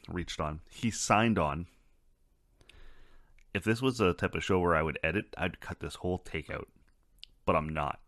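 A low-pitched man hosts a casual podcast, his voice swinging through a lively, animated range. He swears freely and drifts into rambling asides. The sound is dry and close. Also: no echo. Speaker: podcast host.

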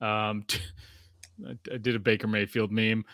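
A man's voice: fairly low pitch, little pitch movement, takes it slowly, a bit bright, no room sound, clean studio sound. A man who grew up in Australia, in his thirties, hosting a casual podcast and rambling with frequent restarts. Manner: rambling, self-interrupting, laughs often. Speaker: podcast host.

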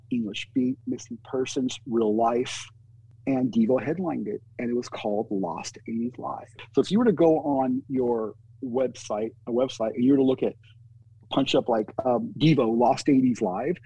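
A man, a music booking agent, telling an animated story in an interview and acting out what people said. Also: mid-range voice, slightly rough, dry recording, lo-fi sound. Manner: animated anecdote teller, acts out quotes.

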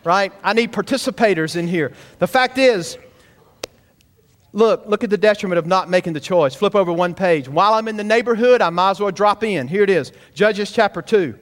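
Pastor in the pulpit, high-pitched, emphatic, pushes the congregation to respond. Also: male voice, moderate pace. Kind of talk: sermon. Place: church sanctuary.

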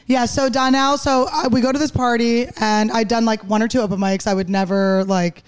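A young woman from Philadelphia, a stand-up comedian, telling joking stories in a quick, laughing, casual podcast chat. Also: a little high, fairly even intonation, clean tone. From Philadelphia, USA. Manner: rapid, joking storytelling with frequent laughs.

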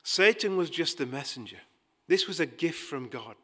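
A man preaching a sermon, emphatic, rising to loud pleading passages and dropping quiet again. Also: on the high side, animated, moderate pace, slightly rough. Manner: acts out quoted dialogue with dry humor.

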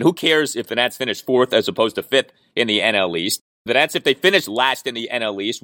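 A man's voice: medium pitch, fairly bright tone, no echo. Sports podcast host, male, emphatic and opinionated, dry close studio sound. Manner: emphatic, opinionated, stats-heavy. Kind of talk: sports talk podcast monologue.

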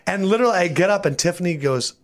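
Animated man telling a story on a podcast. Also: high voice, quick pace. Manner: animated, acts out voices in anecdotes. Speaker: podcast co-host. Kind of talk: casual storytelling.

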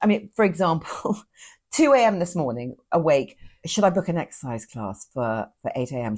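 A woman in relaxed podcast conversation, holding forth in wry, exaggerated rants. Her voice is husky and sits on the low side, rising and falling widely as she talks. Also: moderate pace. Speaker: podcast co-host. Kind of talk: casual chat.

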